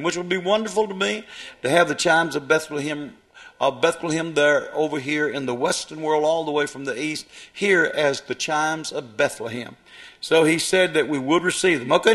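A man's voice: on the high side, moderate pace, fairly bright tone. A man preaching a sermon, reading long scripture passages aloud and then commenting on them with hesitations.

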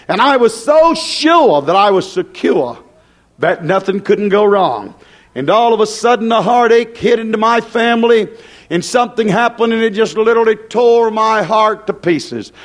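A high-pitched male preacher delivers a fiery revival sermon. He hammers his warnings through repetition, and his pitch climbs and sinks as he goes.

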